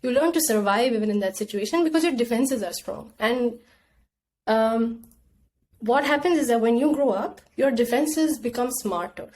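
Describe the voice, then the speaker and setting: A woman's voice: a little high, moderate pace, darkish tone. A young woman guest on a podcast, talking things through in a casual, reflective way and acting out her own inner voice. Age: young adult. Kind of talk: casual conversation.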